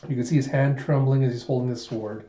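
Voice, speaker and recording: A man casually retelling a comic in an animated way as a reviewer, on a dull, roomy home recording. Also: mid-range voice, quick pace. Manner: animated retelling with "he's like" quotes. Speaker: manga reviewer.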